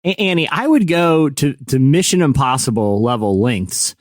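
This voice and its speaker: Male podcast co-host, playful boastful storyteller, mid pitch, dry close mic. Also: very animated, moderate pace, no room sound. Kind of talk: casual chat.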